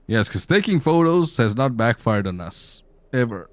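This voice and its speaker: A man's voice: medium pitch, sing-song, moderate pace. A man playing a story game live, chatting to his viewers in a joking, irreverent and rambling way. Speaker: streamer. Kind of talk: casual game commentary.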